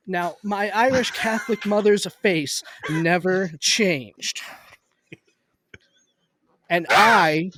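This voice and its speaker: This man talks in a fairly high voice and tells a story with real energy, swearing and laughing as he goes. He is recorded dry over a video call, with no room echo. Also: measured pace, hardly any pauses, fairly bright tone. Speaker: podcast guest, game designer. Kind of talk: casual storytelling chat.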